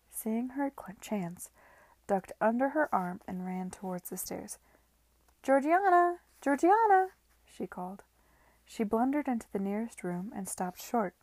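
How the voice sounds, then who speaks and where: A woman reading a novel aloud in a hushed, measured narration. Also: medium pitch, no room sound. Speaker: reader.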